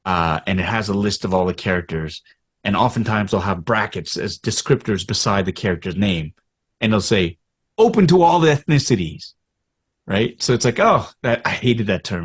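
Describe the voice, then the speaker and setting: A man in his fifties, a podcast guest and actor from Canada, telling candid stories about his career and acting out voices and inner thoughts as he goes. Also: fairly low pitch. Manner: animated, acts out quotes and inner thoughts. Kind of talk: candid conversational storytelling.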